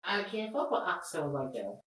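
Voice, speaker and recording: A woman's voice: fairly low pitch, big pitch swings, normal speed, fairly bright tone, roomy sound, distant mic, low-quality recording. A woman co-hosting a casual podcast, emphatic and profane, brushing off ideas she dislikes. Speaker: podcast co-host. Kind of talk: casual chat.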